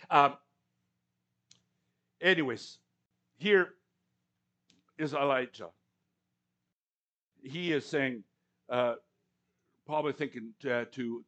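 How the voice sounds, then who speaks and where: Animated pastor preaching with acted-out asides. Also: male voice, medium pitch. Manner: conversational, anecdotal, with stammered restarts and acted-out quotes. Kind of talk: sermon. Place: church service before a congregation.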